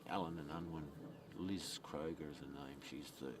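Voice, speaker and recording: A vlogger rambles to camera at a graveside, his rumbling low voice keeping a fairly even intonation at a moderate pace. He repeats himself, swears, and chuckles along the way. The distant mic catches faint outdoor noise.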